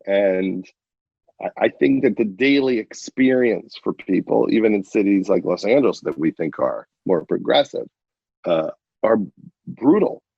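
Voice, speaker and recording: A man's voice: lowish voice, lively intonation, unhurried, creaky, husky, dry recording, highs cut off. A man guesting on a podcast, speaking in an earnest, reflective way. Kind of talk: casual conversation.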